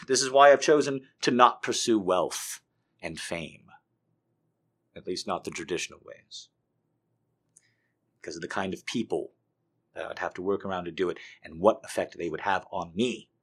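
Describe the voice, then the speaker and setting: A man giving an intense confessional monologue, swinging between hushed and loud. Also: on the low side, normal speed.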